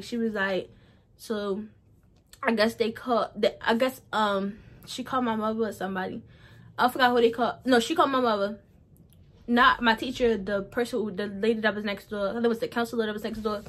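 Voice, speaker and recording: A woman's voice: a little high, a bit bright. A young adult woman telling a personal story in a casual vlog, rambling and often repeating herself. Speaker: vlogger.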